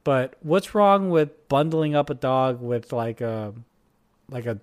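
A young man chatting casually and jokily as a podcast co-host, rambling and animated. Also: mid-range voice, takes it slowly, smooth. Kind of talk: casual chat.

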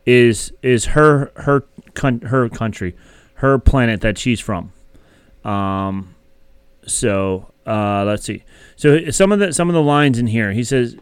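A man's voice: medium pitch, slow, clean tone, no echo. A man casually recapping a TV episode as a podcast co-host, rambling with many fillers. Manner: rambling, filler-heavy storytelling.

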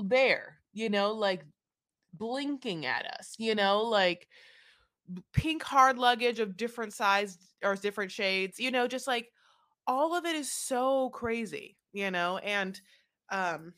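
A woman's voice: a little high, a bit bright. A woman co-hosting a podcast, chatting casually and sarcastically, rambling with lots of fillers. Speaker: podcast co-host. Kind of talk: casual chat recapping a reality show.

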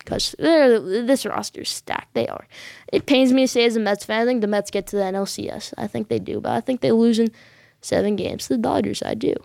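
A woman's voice: a little high, fairly quick, vocal fry, darkish tone, no room sound, studio quality. A woman hosting a sports vlog, giving her predictions in an emphatic, insistent way and backing them up with short repeated affirmations.

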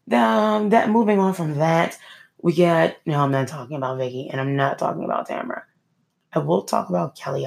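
A woman's voice: deep voice, gravelly, darkish tone. A woman hosting a casual solo podcast, chatty and opinionated, often joking and then taking it back. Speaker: podcast host.

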